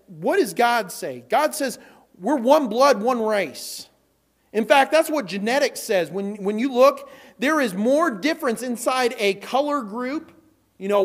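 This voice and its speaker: A man preaching a sermon in a church as the pastor, animated, acting out quotes and repeating words as he goes. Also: very high voice.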